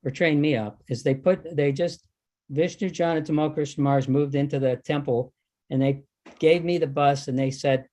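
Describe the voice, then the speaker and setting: A man's voice: fairly high pitch, fairly even intonation, normal speed, a little mellow. An older man telling a story at a reunion gathering, animating the exchanges he recalls. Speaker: devotee recalling service. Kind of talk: anecdotal talk at a reunion.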